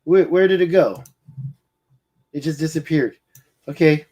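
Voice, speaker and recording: This independent researcher walks through satellite maps on a screen-share, muttering and correcting himself, derailed by hiccups while his eye twitches. He speaks a little slowly in a husky voice that's a little high, with a darkish tone.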